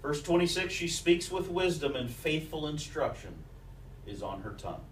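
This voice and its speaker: A man's voice: a little high, very animated, normal speed, a little hiss or hum. A man preaching a sermon as the pastor, telling stories and quoting scripture along with old sayings of mothers. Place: church sanctuary. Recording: echoey church recorded from a distance.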